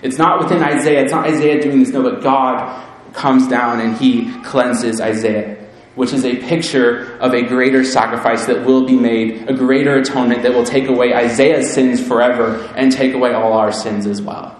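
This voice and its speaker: A man's voice: steady tone, normal speed, few pauses, a little hiss or hum. Male preacher, earnest and solemn, strong room echo. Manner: earnest, builds to fervent emphasis, then drops low and solemn. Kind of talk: sermon. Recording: very echoey room.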